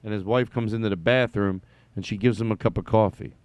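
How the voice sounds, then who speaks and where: A man's voice: fairly low pitch, steady tone, a little fast, a little mellow, a little hiss or hum. A man hosting a show, commenting on old commercials in a wry, rambling way with some swearing. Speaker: host. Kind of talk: casual commentary.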